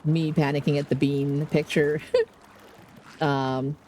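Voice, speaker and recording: A woman streamer in casual live gameplay commentary, chatty and excitable, rambling to herself at a desk mic. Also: sits low, slow, slight background noise.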